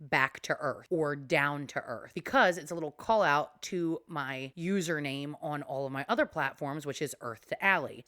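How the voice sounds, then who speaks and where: A young woman hosts her own commentary podcast with a lowish voice, working herself into heated, profane rants. Her sound is dry and close, with no room around it. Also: fairly bright tone, dry recording. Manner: ranting, heated, swears freely. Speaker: podcast host.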